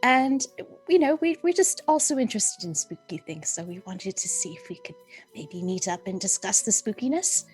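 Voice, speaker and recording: A woman's voice: medium pitch, animated, normal speed, a little mellow, faint music behind, pitched below the performer's own voice, close to an everyday voice. A woman voicing a sweet, awkward character who stammers and tries to make friends in a tabletop game.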